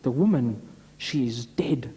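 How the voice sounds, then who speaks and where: A man's voice: mid-range voice, lively intonation, measured pace, dark tone, big-room sound, lightly acted. A man voicing an anxious little French boy who reports trouble to his mother in an urgent rush. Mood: alarmed.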